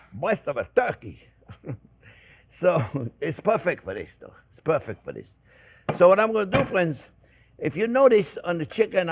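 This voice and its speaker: An older man with a French accent, demonstrating a recipe in a kitchen in a chatty, repetitive way, often calling his viewers friends. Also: high-pitched. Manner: chatty, repeats himself, addresses viewers as friends. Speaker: cooking show host. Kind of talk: casual cooking demonstration.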